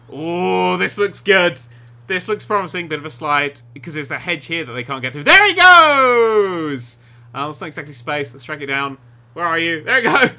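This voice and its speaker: A young man giving excitable, giggly let's play commentary on a game, with sarcastic asides. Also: fairly high pitch. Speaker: gaming YouTuber.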